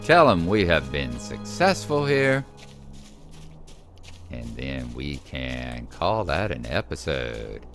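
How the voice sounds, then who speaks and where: A man's voice: a bass voice, big pitch swings, takes it slowly, a bit bright, faint music behind. A man chatting casually through his gameplay and teasing the characters on screen. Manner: chatty, talks to the game characters. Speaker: gameplay host.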